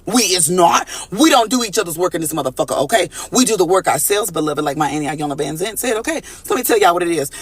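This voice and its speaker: A man with a high voice rattles through a tarot reading at great speed, recorded dry and close with no room sound. He is animated and preachy, swears freely and calls his viewers y'all and baby, often lilting into a sing-song. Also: husky, no echo. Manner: breaks into sing-song phrases. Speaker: tarot reader.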